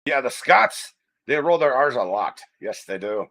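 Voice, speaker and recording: A man's voice: medium pitch, animated, a little slow, creaky, fairly bright tone. An American man hosting a casual livestream, chatting in a rambling way and greeting viewers by name. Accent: General American. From United States. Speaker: livestream host.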